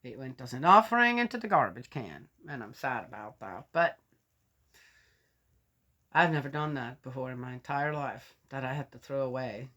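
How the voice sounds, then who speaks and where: A woman's voice: rumbling low, lively intonation, normal speed, a bit bright. An older woman in a rambling, chatty talk, sharing a story and a blessing with her viewers. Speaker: faith vlogger. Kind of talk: casual chat.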